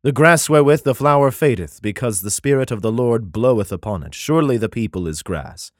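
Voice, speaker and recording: A congested man reading old bible verses slowly and solemnly, then breaking off with profane, sarcastic asides and clearing his throat. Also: medium pitch, expressive, no echo, clean studio sound. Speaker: scripture reader and commentator. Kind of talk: bible reading with irreverent commentary.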